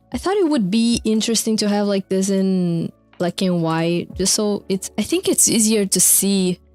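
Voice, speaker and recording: A young woman streamer casually chats over video clips, recapping concert lore in a rambling way full of fillers, frequent swearing and laughter. Her voice is fairly low and darkish in tone.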